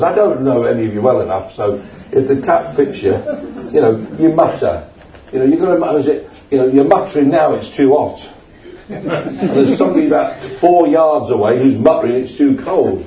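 A man's voice: mid-range voice, lively intonation, fairly quick, warm tone, a little hiss or hum. An older man with a humorous, conversational manner, preaching a sermon in a church and putting questions to the congregation. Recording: echoey church hall, mic at a distance.

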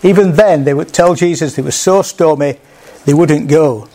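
A man gives a sermon in an easygoing, conversational manner, pausing and restarting as he goes. His voice sits a little high for a man. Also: mellow. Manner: conversational, with small restarts, acts out quoted speech. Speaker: preacher.

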